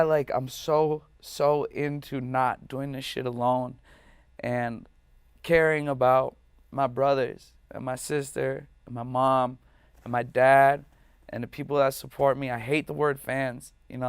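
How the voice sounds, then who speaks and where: Gravelly man in a raw, heartfelt interview. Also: on the high side, dry recording, studio quality. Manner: emotional, passionate, profane. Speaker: musician guest. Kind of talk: candid interview talk.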